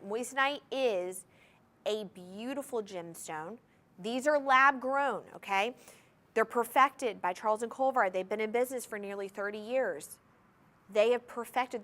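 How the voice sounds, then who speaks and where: A woman hosts a live home-shopping show with a voice pitched a little high. She gushes with enthusiasm and keeps addressing the viewers directly, pushing them to buy. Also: fairly bright tone. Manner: enthusiastic, gushing, talks straight to viewers. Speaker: shopping TV host. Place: TV studio.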